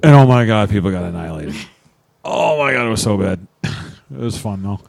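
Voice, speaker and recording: A man's voice: lowish voice, expressive, normal speed, vocal fry, no room sound. A young man co-hosting a podcast, telling a rowdy weekend story in casual, profane chat and laughing often. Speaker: podcast co-host.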